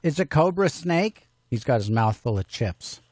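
A man's voice: medium pitch, sing-song, normal speed, a little mellow, husky, dry recording, studio quality. A man hosting a casual homemade radio show, bantering playfully in a fatherly way. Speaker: host.

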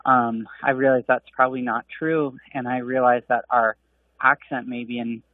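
A man's voice: medium pitch, flat delivery, moderate pace, no room sound, recorded from a distance. Male caller on a tinny phone line. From Arizona, United States. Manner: curious, hesitant with fillers. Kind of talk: phone-in question.

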